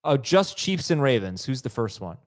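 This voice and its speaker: Brisk man hosting a sports show. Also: medium pitch, sing-song, no room sound, studio quality. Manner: brisk, steers the segments. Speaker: podcast host.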